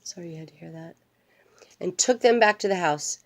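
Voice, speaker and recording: A woman's voice: on the low side, normal speed. An older woman, a grandmother, reading a storybook aloud to her grandchild and wandering into playful, chatty asides. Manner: playful, digressive, talks straight to a grandchild.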